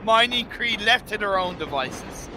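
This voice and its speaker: A man casting a mobile esports match live, excitable and jokey, often tripping over his words. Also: high-pitched, a little slow. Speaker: esports caster. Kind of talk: live play-by-play commentary. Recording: noisy game audio underneath.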